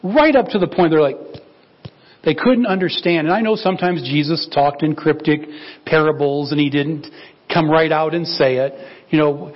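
Male pastor, conversational and animated sermon, slightly high voice, muffled lo-fi audio. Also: normal speed. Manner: animated, acts out biblical dialogue in quoted voices.

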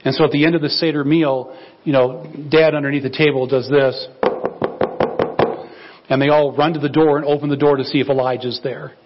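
A man preaching in an easygoing, animated way, his voice sitting a bit high for a man. The recording is dull and lo-fi, with the top end rolled off. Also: a little fast, very noisy. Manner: animated, acts out biblical dialogue in quoted voices. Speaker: pastor. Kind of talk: conversational sermon.

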